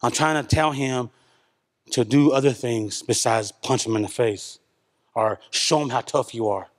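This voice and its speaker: A man preaching a sermon as pastor, a father of a young son, talking animatedly and swinging between loud bursts and hushed asides. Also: medium pitch, unhurried. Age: young adult or middle-aged, father of a young son. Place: church.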